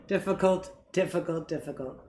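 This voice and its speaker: A woman's voice: lowish voice, mellow. A middle-aged woman co-hosting a cooking show, chatting casually, swearing and wandering into asides. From Canada. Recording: echoey kitchen with background noise.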